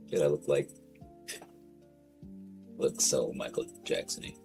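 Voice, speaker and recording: A streamer with a deep, gravelly voice speaks unhurriedly with long pauses, rambling casually from one thought to the next on his livestream. He uses lots of slang and swearing while soft guitar music plays quietly in the background.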